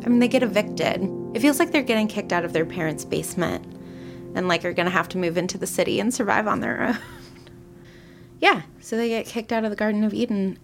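Chatty woman with a gravelly voice. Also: medium pitch, moderate pace, faint music behind. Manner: chatty, retelling with voiced quotes and frequent likes. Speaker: guest. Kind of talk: casual storytelling.

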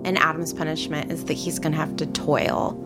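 Young woman guest, chatty storyteller, gravelly, low-ish voice. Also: level tone, fairly quick, loud music behind the voice. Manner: chatty, retelling with voiced quotes and frequent likes. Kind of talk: casual storytelling.

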